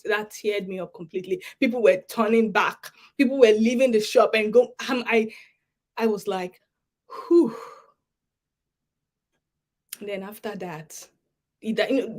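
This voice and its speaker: A woman giving an emotional personal testimony at a summit, halting and repeating words as she pleads earnestly with listeners. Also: mid-range voice, darkish tone. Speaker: summit speaker.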